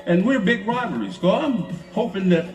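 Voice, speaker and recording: A man's voice: high voice, very animated, normal speed, darkish tone, echoey room, far from the mic, faint music behind. A man animatedly telling a story and acting out a radio call. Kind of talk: casual anecdote.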